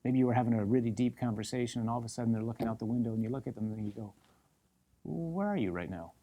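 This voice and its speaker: A man, a priest, preaching a sermon, stacking repeated phrases for emphasis and sinking to a soft, intimate tone for the calls he voices. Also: mid-range voice, little pitch movement, racing. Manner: drops to soft, intimate tone when voicing God's call.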